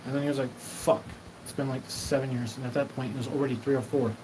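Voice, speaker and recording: A man's voice: mid-range voice, fairly even intonation, quick pace. Rambling profane man over background noise. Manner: profane, rambling, acts out quoted exchanges. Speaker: host. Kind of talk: rambling solo monologue.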